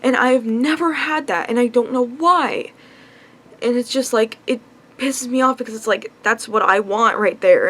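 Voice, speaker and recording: A woman's voice: on the high side, a bit bright. A young woman venting about her love life in a confessional vlog, frustrated and upset, sighing often. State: upset, on the verge of tears. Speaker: vlogger.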